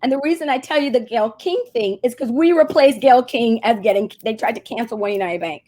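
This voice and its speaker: A woman's voice: fairly high pitch, fast. A woman, a marketing agency CEO, telling a story as a guest in a casual interview and acting out the voices she quotes. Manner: animated, acts out quoted voices.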